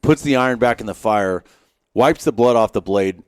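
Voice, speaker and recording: A middle-aged former Marine sniper, appearing as a podcast guest, tells self-deprecating stories in a casual interview set on a wilderness hunting trip, often restarting his sentences. His mid-range voice moves at a normal speed and sounds smooth. The recording has no echo and a clean studio sound.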